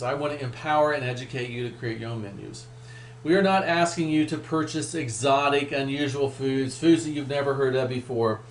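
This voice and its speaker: A middle-aged man presenting a weight loss program in a webinar, with an upbeat, emphatic sales manner. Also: medium pitch. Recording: echoey room with faint hum.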